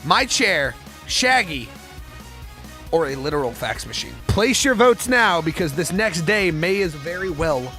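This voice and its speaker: A young man streaming a game, reacting excitably, swearing and yelling at what happens. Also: a little high, unhurried. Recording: music playing behind.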